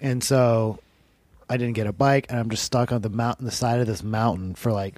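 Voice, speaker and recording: A man's voice: mid-range voice, fairly even intonation, normal speed, darkish tone, no room sound. A man telling a long story in casual chat, rambling and peppered with "like" and swearing. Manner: rambling, heavy use of "like", swearing.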